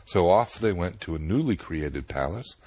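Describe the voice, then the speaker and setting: Deep, husky-voiced male storyteller. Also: no echo. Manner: calm, measured storytelling with voiced dialogue. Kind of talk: scripted narration of a myth.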